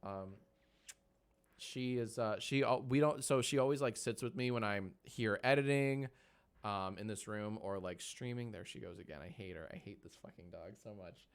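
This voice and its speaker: Streaming from his home editing room, a thirtysomething man jokes with chat, runs polls, and coos at his dog in soft baby talk. He speaks at normal speed in a lowish, clear, resonant voice.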